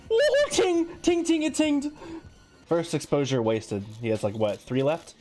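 A woman's voice: low-pitched, big pitch swings, unhurried, music in the background. A woman streamer giving live gameplay commentary, laughing often and swearing freely.

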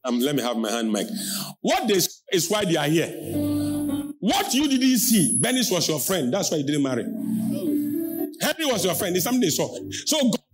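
A Ghanaian man preaching a sermon as pastor, shouting out lines and calling on the congregation to answer. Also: high voice, huge pitch swings, normal speed, pauses often, music in the background.

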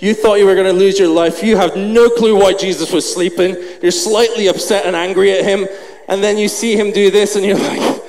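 High-voiced aussie guy preaching, acting the story out, kinda out of breath, big echoey church hall. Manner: animated, acts out the scene. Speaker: pastor. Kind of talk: storytelling sermon. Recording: long hall reverb, faint noise.

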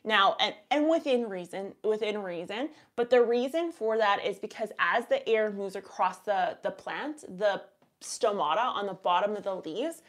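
A woman's voice: medium pitch, animated, normal speed. Canadian woman in her thirties hosting a live Q&A, talkative and rambling, easygoing delivery. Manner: chatty, rambling, reads chat aloud. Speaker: host. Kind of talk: live stream Q&A.

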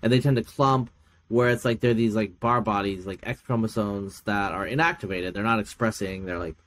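A man's voice: fairly quick, slight background noise. A middle-aged man, a podcast guest and geneticist, chatting casually and telling stories, with many fillers and laughs. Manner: animated storyteller, acts out quoted people with big pitch jumps. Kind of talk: casual chat.

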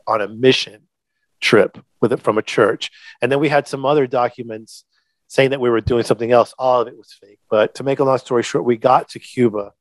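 A middle-aged man speaks as a podcast guest in an open, heartfelt storytelling manner. His voice sits in an ordinary male pitch, recorded dry with no room sound. He leans on words for emphasis and swears casually. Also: dry recording. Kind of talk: candid storytelling.

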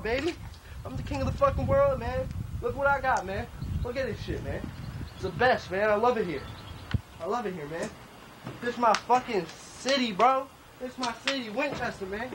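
A man's voice: sits high, fairly bright tone, slight background noise. A young man in a rambling, profane comedic monologue, griping and bragging by turns, full of bro slang. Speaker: clothing designer character. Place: outdoors at a tent camp.

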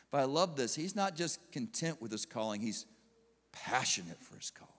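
A man preaching a sermon as pastor, animated and acting out biblical figures in quick asides, in a large church auditorium. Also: medium pitch. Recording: long hall reverb.

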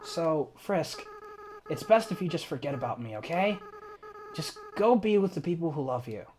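A man voicing a remorseful, tearful young goat-monster boy as he reads a game's dialogue aloud in a soft, slow way. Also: on the high side, sing-song, slight background noise. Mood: sad. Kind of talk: reading game dialogue aloud.

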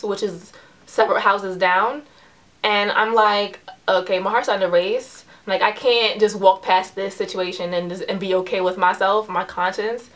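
A woman in her twenties from New York, telling a personal story in a casual, chatty way, full of likes and ums, getting animated as the tension builds. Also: mid-range voice. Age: 20s. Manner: chatty, heavy use of "like" and "um"; animated storyteller, voice rises when retelling the confrontation. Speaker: vlogger.

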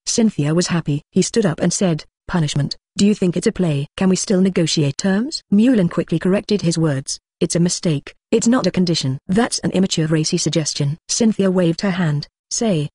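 This is a text-to-speech voice narrating an audiobook of a translated web novel. It reads narration and dialogue alike in one flat, even tone. The recording is dry and close, with no room around it. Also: medium pitch, normal speed, hardly any pauses, husky, dry recording.

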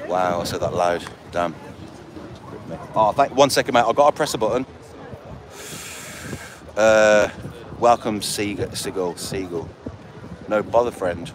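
A man, chatting casually with his live viewers, reading comments aloud and joking. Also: lowish voice. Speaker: busker talking to live chat. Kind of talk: casual chat. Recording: street noise behind.

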